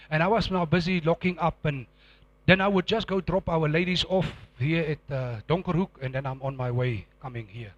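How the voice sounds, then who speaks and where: A middle-aged man, preaching a sermon and telling a dramatic testimony, acting out scenes with sudden loud outbursts. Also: high-pitched, no echo.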